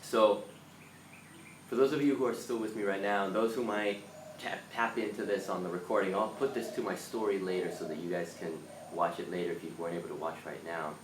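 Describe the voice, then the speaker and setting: A man hosting a live motivational talk, earnest and animated, now and then acting out panicked voices. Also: low-pitched, fairly quick. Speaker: live stream host. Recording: roomy, from a distance, faint background noise.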